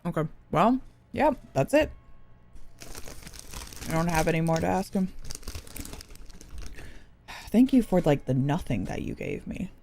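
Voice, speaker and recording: Woman streamer, low-ish voice, lively, giggly, thinks aloud. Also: measured pace, creaky, long pauses, a little hiss or hum. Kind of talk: casual game commentary.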